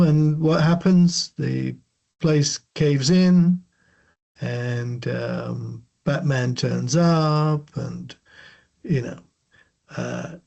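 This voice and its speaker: A man's voice: fairly high pitch, creaky, mellow. Jokey rambling man, dull lo-fi sound. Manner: rambling, jokey, many fillers. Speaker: comic book podcast co-host. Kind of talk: casual review chat. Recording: dull lo-fi audio.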